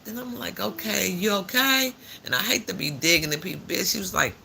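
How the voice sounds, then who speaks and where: An older man chats his way through a morning live stream with loose, slang-filled storytelling. His voice is gravelly and very bright, and his pitch swings widely as he talks. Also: rapid-fire, a little hiss or hum. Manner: chatty, animated storytelling with frequent laughs and slang.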